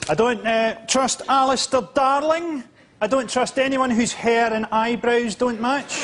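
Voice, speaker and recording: Deadpan high-voiced male comedian. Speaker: comedian panellist. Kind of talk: deadpan stand-up jokes. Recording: studio noise.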